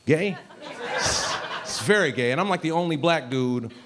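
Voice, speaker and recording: A man from Ohio doing a stand-up comedy set, punchy and animated, with asides to the crowd. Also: on the high side, normal speed. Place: comedy club stage, audience laughing. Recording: live club recording with audience noise.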